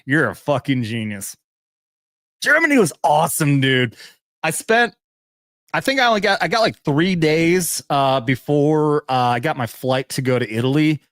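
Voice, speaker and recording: A man's voice: a little high, animated, normal speed, fairly bright tone, dry recording, studio quality. A young adult man, a veteran hosting a show, ranting casually with constant swearing and frequent laughter. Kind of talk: casual profane commentary rant.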